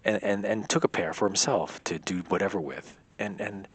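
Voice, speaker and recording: A young man speaking in a low, husky voice. He tells a personal anecdote casually, looping back on himself and filling gaps with filler words. It sounds unscripted and conversational. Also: moderate pace, a bit bright, no echo. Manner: rambling, heavy use of filler words. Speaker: vlogger. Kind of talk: casual storytelling.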